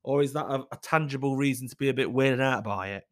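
A man's voice: mid-range voice, quick pace, fairly bright tone. Blunt, sweary man. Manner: blunt, swears freely, chatty and candid. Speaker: advice-letter reader. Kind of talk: casual commentary, reading out letters.

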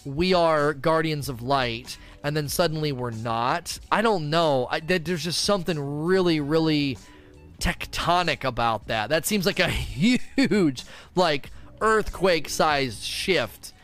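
A man chatting casually as a game streamer, rambling through his thoughts with frequent restarts and acting out quick voices along the way. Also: on the high side, lively intonation, a bit bright, soft background music. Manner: rambling, restarts often, acts out voices mid-rant. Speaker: gaming streamer. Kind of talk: casual stream chat answering viewers.

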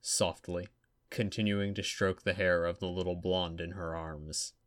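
A man narrating fiction aloud in a steady, even storytelling manner. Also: deep voice, unhurried, no echo, clean studio sound. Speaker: audiobook narrator.

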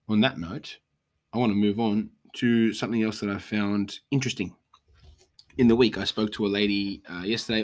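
A young Australian man talks through a casual solo podcast in a somewhat low voice. He rants bluntly, swearing freely as he goes. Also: slightly rough. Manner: profane, blunt, ranting. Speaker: podcast host.

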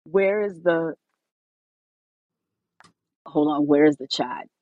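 Low-voiced laid-back woman co-host. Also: no echo, phone-quality sound. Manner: laid-back, slangy, quick to laugh. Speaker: podcast co-host. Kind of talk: casual chat.

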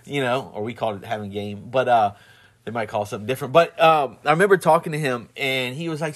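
A man's voice: mid-range voice, quick pace. A man with a Southern twang in casual chat, rambling with many restarts and laughing often as he tells stories. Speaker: husband and father.

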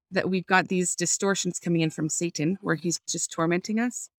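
A woman's voice: on the low side, fairly even intonation, normal speed, few pauses, dry recording, studio quality. A woman speaking earnestly as a guest about faith and parenting over a video call, reflecting aloud and searching for words. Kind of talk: faith-based parenting talk.

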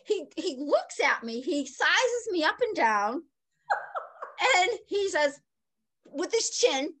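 An older woman telling a personal story in conversation, animated and laughing often, swinging between excited and hushed. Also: sits high. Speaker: guest.

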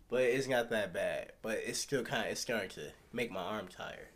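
A man's voice: mid-range voice, fairly quick. Man giving casual life advice. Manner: animated, advice-giving, retells anecdotes. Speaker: podcast co-host. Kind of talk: casual chat.

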